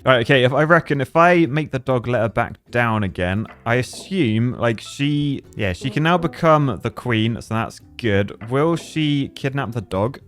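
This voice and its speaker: Brief: playful young gamer, chatty commentary, faint music bed. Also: male voice, mid-range voice. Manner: chatty, laughing, jumps into silly character voices. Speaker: gaming youtuber. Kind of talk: playful let's-play commentary.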